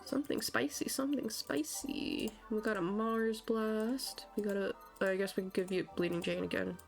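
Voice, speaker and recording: A woman's voice: mid-range voice, level tone, moderate pace, gravelly, soft background music. Chatty woman streamer playing a game. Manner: chatty, frazzled, exclaiming. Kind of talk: casual gameplay commentary.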